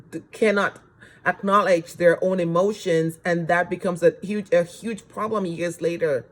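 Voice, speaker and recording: A man giving a recorded self-help lecture as course instructor, earnest, putting rhetorical questions to the listener and repeating phrases for emphasis. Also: fairly high pitch.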